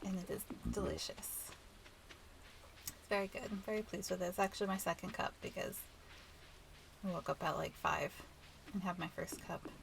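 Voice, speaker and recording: A woman with a nasal, stuffed-up voice, chatting softly and rambling as she hosts a relaxed game playthrough. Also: fairly low pitch, creaky, a little hiss or hum, rough recording. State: stuffy nose. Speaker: let's play host. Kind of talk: relaxed gameplay commentary.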